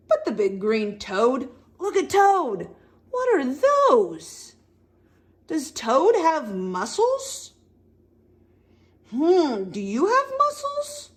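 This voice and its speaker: A woman reads a picture book aloud to young children, pausing to ask them questions and make the animal sounds. Her voice is high and swings widely in pitch. She speaks very slowly and clearly. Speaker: storytime reader.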